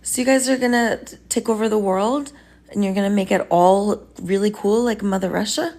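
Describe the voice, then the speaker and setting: Woman playing a soft-spoken healer in a comedy sketch, earnest, partly whispered, a touch of fry. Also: mid-range voice, moderate pace. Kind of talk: comedy sketch role-play.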